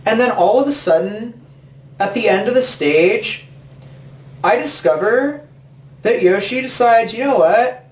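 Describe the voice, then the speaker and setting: A man's voice: high voice, expressive, unhurried, long pauses. Ranting man in an echoey room. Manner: swearing, sarcastic mock voices. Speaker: gaming video host. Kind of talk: profane rant. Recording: echoey room from far off, faint noise.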